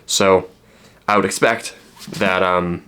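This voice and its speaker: A man's voice: low voice, steady tone, takes it slowly, pushed and bright, clean tone. Rambling man chatting about his books. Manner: rambling, filler-heavy, joking asides. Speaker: book vlogger. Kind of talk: casual book haul chat.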